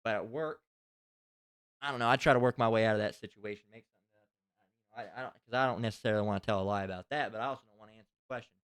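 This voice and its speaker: A man's voice: fairly low pitch, racing, long pauses, fairly bright tone, clear, resonant tone, no echo, studio quality. A man giving a casual religious lesson, talking in a rambling, profane, conversational way. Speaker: religious teacher. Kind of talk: casual spoken scripture lesson.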